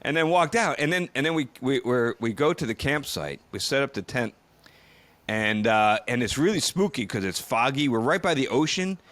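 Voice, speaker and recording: A man telling a camping story in casual podcast chat, relaxed and full of fillers. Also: medium pitch, no echo. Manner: relaxed, filler-heavy, quick asides. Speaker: podcast co-host.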